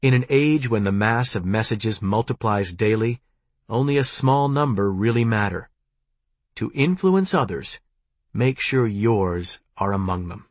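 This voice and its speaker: A man reading a nonfiction audiobook in a measured, deliberate narration. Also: on the low side, expressive, no room sound.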